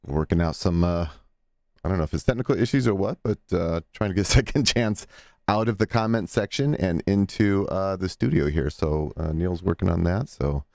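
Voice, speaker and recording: A man co-hosts a casual podcast in a very deep, relaxed voice. He talks plainly and matter-of-factly. The sound is dry. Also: normal speed, creaky, dry recording. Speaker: podcast co-host.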